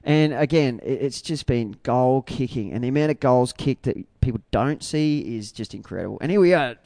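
An Australian man in a band, talking in a rambling, excitable way with many restarts in a casual interview. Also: medium pitch, moderate pace, vocal fry, dry recording, clean studio sound. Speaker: band member.

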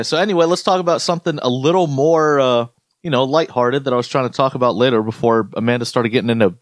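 Profane man, middle pitch, loose ranting co-host, dry sound. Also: dry recording. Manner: profane, ranting, animated storytelling. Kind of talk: casual chat.

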